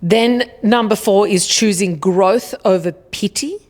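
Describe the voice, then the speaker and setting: A woman's voice: mid-range voice, measured pace, a little mellow. A woman hosting a solo self-help podcast, casual and blunt, swearing freely and often checking in with "okay?". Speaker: podcast host.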